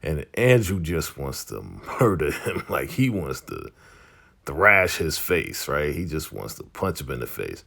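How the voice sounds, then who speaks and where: A man retelling a TV episode in a casual vlog, with animated, slangy storytelling. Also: very deep voice, unhurried, gravelly. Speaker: show recap host. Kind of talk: casual show recap vlog.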